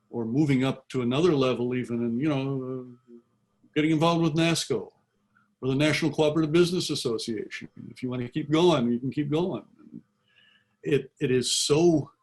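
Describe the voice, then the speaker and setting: Older male author on a video call, earnest and halting, mid-pitched. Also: a little mellow. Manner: earnest, halting, repeats words. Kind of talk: reflective interview answers.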